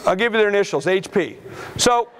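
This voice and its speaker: Brash high-voiced man giving a keynote. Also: animated, fairly quick, slight background noise. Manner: brash, punchy storytelling with shouted outbursts. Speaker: keynote speaker. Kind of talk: conference keynote talk. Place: conference hall before a live audience.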